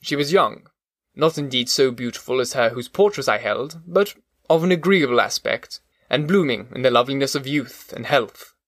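Male audiobook narrator, measured and even, mid-pitched, dry booth sound. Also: dry recording. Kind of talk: scripted narration of a classic novel.

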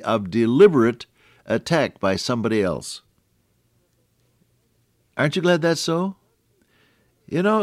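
An older man delivers a folksy devotional sermon on the radio, addressing the listener directly and moving between hushed lows and emphatic peaks. The recording is dry, with clean studio sound.

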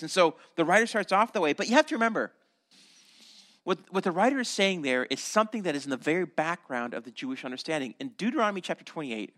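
A Canadian man delivers a sermon, teaching with animated asides and the odd restart. His voice is bright and sits a little high for a man. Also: fast talker. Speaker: pastor.

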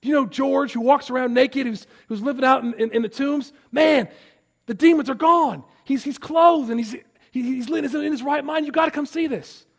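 Man doing an agitated herdsman in a sermon, pitched well up and loud, excited, breathless. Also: moderate pace, creaky. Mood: amazed. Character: agitated male herdsman spreading news in town.

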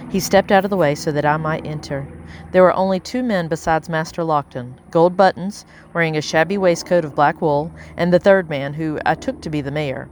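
A woman reading a novel aloud as an audiobook narrator, measured and steady, lightly voicing the characters. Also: low-pitched, a little hiss or hum. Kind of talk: scripted narration.

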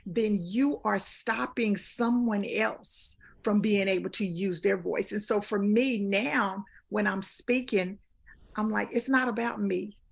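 A woman in her fifties, a life coach appearing as a guest, talks earnestly in a casual interview and repeats phrases for emphasis. Her medium-pitched voice is gravelly and slow.

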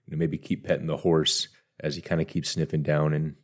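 Male player, extremely low voice, flat, soft and hesitant. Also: fairly quick. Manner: soft, hesitant, full of "uh" and "kinda". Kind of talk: describing character actions in a tabletop game.

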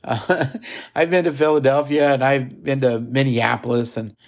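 A man's voice: mid-range voice, fairly even intonation, moderate pace. A man with a Midwestern American accent hosting a casual film podcast, rambling and digressive with many fillers and restarts. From Midwestern United States. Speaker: podcast host.

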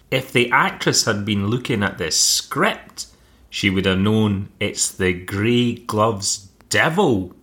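A man's voice: fairly low pitch, fairly bright tone. A man co-hosting a podcast who makes dry, wry remarks. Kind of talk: casual commentary.

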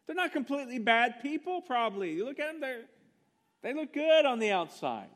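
A man delivers a sermon in a high, light voice. He preaches with emphatic fervor, stressing each point. He pushes rhetorical questions at the congregation. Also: big pitch swings, brisk, a bit bright. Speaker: pastor.

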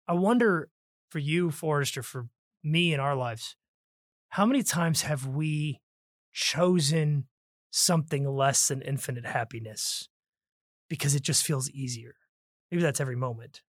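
Male podcast co-host, a bit higher pitch, dry recording, conversational with read-aloud emphasis. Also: unhurried, dry recording. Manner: reads quoted passages with stressed words, lively. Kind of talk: casual book discussion with read-aloud passages.

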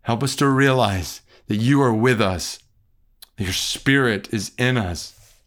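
A man's voice: medium pitch, a little slow, a bit bright. A man who is a pastor, reading scripture and then leading an earnest, reflective prayer.

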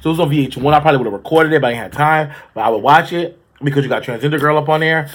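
Male podcast co-host, slightly high voice, sassy gossip, loose and profane. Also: very fast. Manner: sassy, animated, swears freely. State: allergic reaction swelling face. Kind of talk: casual gossip chat.

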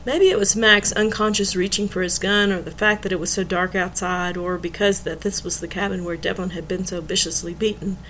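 Brief: woman audiobook reader, mid-pitched, steady narration, faint background hum. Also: poor audio. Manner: steady storytelling. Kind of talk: novel narration.

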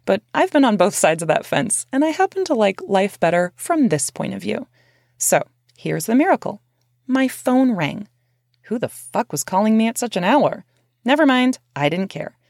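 A woman's voice: medium pitch, sing-song, normal speed, gravelly, a little mellow, no echo, clean studio sound. A woman reading her memoir aloud as narrator, in a candid, conversational way with casual swearing.

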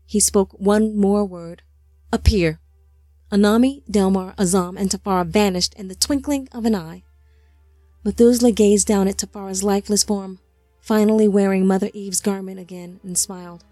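A woman narrating an audiobook in a measured, somber storytelling manner on a close mic. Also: medium pitch, fairly even intonation, mellow, dry recording, faint music behind.

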